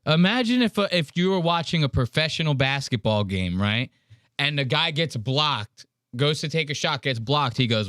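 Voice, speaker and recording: A man's voice: fairly high pitch, animated, moderate pace, a bit bright, dry recording, studio quality. A man hosting a podcast, casually reacting to a clip in a blunt, profane, mocking way. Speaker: podcast host.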